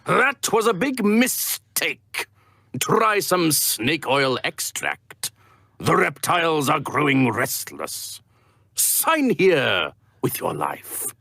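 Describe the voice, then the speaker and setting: A man's voice: fairly high pitch, big pitch swings, takes it slowly, gravelly, bright, forceful tone, slightly rough, dry recording, clean studio sound, full character voice. Sly snake-oil salesman. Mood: scheming.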